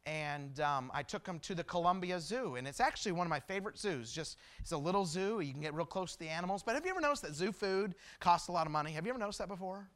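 A middle-aged man preaching a sermon, telling a story and then dropping to hushed, solemn tones for emphasis. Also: high voice, expressive, fast, hardly any pauses. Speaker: pastor.

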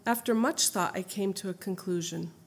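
A middle-aged woman reading her own memoir aloud in an earnest, heartfelt, steady way. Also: mid-range voice, moderate pace, a little hiss or hum. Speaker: memoir narrator.

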